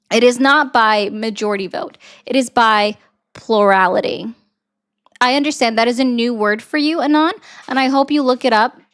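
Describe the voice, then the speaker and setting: A woman doing blunt, sarcastic political commentary on a livestream, reading and answering viewer comments. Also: a little high. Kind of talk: casual live-stream commentary reading chat.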